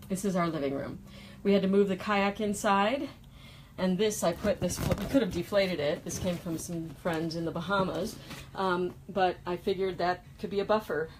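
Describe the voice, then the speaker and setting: A woman's voice: on the low side, steady tone, moderate pace, a little mellow, slight background noise, poor audio. A woman chatting casually as she films a walkthrough of the boat she lives on, talking emotionally and rambling with many fillers into a handheld phone. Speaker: vlogger showing her home. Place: indoors on a moored boat.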